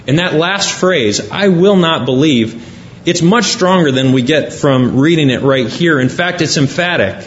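A man's voice: a little high, normal speed. Guy giving a sermon, reads the verses then explains them, kinda dull lo-fi recording w/ faint hiss. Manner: reads scripture aloud then explains it point by point. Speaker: preacher.

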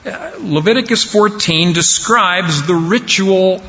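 A man preaching a sermon slowly and deliberately, pausing for effect. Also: high-pitched, pushed and bright. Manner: slow, deliberate preaching with dramatic pauses. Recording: dull sound with long hall reverb.

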